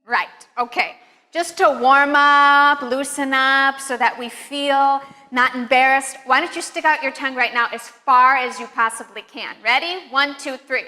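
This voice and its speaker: A woman's voice: high-pitched, moderate pace, few pauses, bright, forceful tone, big-room sound. A woman teaching pronunciation in an upbeat, encouraging way, demonstrating each step. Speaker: accent teacher. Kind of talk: pronunciation lesson.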